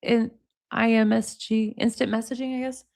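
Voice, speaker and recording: A woman's voice: a little high, level tone, normal speed, vocal fry, a little mellow. A woman in her forties doing casual livestream commentary, reading comments and texts aloud with frequent laughs and chatty asides. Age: 40s. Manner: reads chat comments and text messages aloud, laughs often, chatty asides.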